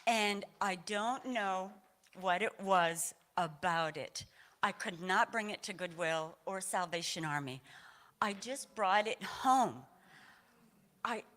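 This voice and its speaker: A woman's voice: medium pitch, takes it slowly, a bit bright. Rambling, emotional woman sharing at church. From Maine, USA. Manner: rambling, many fillers and restarts, laughs often. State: emotional, a little teary. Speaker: congregant sharing a personal story. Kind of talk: informal testimony at a church service. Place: church sanctuary.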